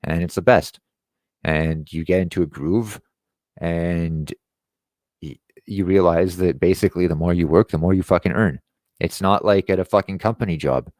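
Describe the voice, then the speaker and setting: A man's voice: low voice, moderate pace, a little mellow, dry recording, studio quality. A man hosting an online show, ranting in a sarcastic, profane way. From Quebec. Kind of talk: ranting commentary.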